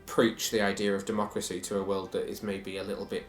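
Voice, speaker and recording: A man's voice: sits low, little pitch movement, fast talker, roomy sound, faint music behind. A man co-hosting a podcast in casual chat, sharing strong opinions and reading quotes aloud. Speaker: podcast co-host.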